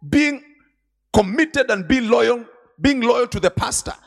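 A man preaching a sermon at a conference, retelling scripture and stories with dramatic swings from quiet to shouting. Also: very high-pitched, animated, unhurried, gravelly. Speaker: bishop preaching. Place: large conference hall.

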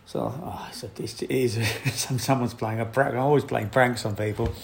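Rambling photographer telling a story. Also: male voice, medium pitch, moderate pace, gravelly, a little hiss or hum. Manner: animated, rambling, laughs often. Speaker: photographer guest. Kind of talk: anecdote in casual chat.

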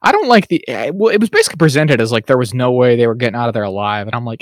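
Man, podcast co-host, casual chat, rambling, lively pitch, dry close sound. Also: rapid-fire, few pauses, dry recording. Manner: rambling, animated, laughs often.

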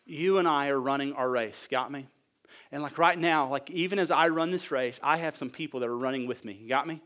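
A man preaching a sermon, emphatic and full of rhetorical questions, swinging between near shouts and quiet, low stretches. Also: brisk. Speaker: pastor.

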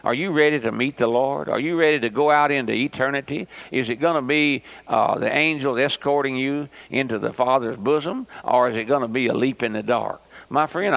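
Fervent gravelly radio preacher man. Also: mid-range voice, fairly bright tone. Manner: fervent, preachy, repeats my friend. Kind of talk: radio sermon. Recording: dull lo-fi old radio recording.

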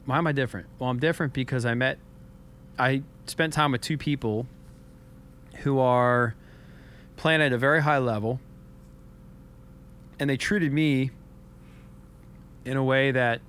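A man co-hosting a podcast, telling a story in an earnest, reflective way, often halting and repeating his words. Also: medium pitch, steady tone, fairly bright tone, slight background noise. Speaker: podcast co-host.

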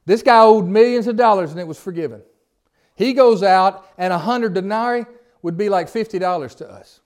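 A man's voice: sits high, normal speed. A man teaching a Bible study in a conversational way, reading scripture aloud and then putting questions to his group in informal, folksy phrasing.

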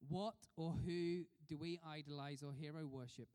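Male preacher, fairly high voice, chatty sermon with questions to the room, long hall echo. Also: steady tone, moderate pace, warm tone, smooth. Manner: conversational, asks the congregation questions.

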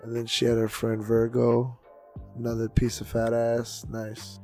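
Podcast co-host, male, gravelly and profane, hypes up his stories with acted-out voices and faint music underneath. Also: mid-range voice, completely flat delivery, measured pace. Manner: loud, profane, acts out voices with big swings. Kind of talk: casual podcast storytelling.

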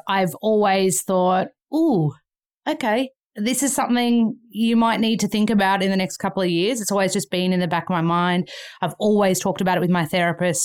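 A woman's voice: mid-range voice, clean tone. Australian woman, 30s, guest telling stories with energy, slips into voices for the people she quotes. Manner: lively, acts out the people in her stories. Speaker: guest, actor. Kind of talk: animated storytelling in a chat.

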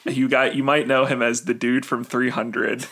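A man's voice: mid-range voice, flat delivery, normal speed, fairly bright tone. A young man hosting a casual podcast chat, joking, laughing often, talking in a loose, rambling way. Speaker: podcast host.

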